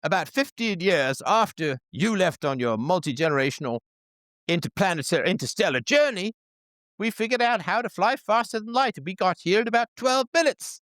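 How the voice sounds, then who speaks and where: A man's voice: sits high, animated, a little fast, a bit bright, dry recording, pitched above the performer's own voice. A man voicing a smug, mock-apologetic colonist with a put-on British accent.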